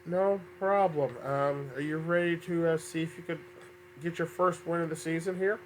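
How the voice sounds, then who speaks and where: A man's voice: fairly high pitch, fairly even intonation, normal speed, a little hiss or hum. A man hosting a fan-made game show, upbeat but often stumbling and correcting himself, a little under the weather.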